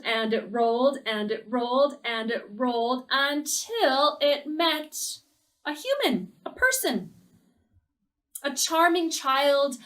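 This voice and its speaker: Slow, expressive woman storyteller. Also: fairly high pitch, echoey room, far from the mic, rough recording. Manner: rhythmic, repetitive, expressive. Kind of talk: children's storytelling.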